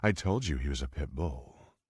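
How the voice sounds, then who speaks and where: A man's voice: a bass voice, expressive, normal speed, husky, no echo, full character voice. A man voicing a bold, scheming woman who talks in a smug, mocking way, reading an audiobook. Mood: smug taunting. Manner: mocking, taunting.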